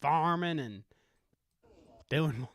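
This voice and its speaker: A man's voice: fairly high pitch, drawn-out words, a bit bright, no room sound, clean studio sound, exaggerated voice. A man voicing an angry, swearing country redneck farmer in a put-on Southern accent. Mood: blustering. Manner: drawling, swearing, indignant.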